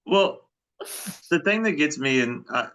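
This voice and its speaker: A man's voice: a little high, expressive, a little slow, fairly bright tone, lo-fi sound. A man co-hosting a podcast in easygoing, amused casual chat. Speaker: podcast co-host.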